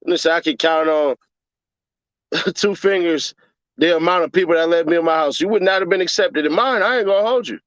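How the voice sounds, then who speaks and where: A man's voice: a little high, fairly quick, fairly bright tone, dry recording, dull audio. A man, hosting a casual livestream and ranting with profane jokes. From Chicago, USA. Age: 30s. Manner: profane joking rant, puts on mocking voices. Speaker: livestream host.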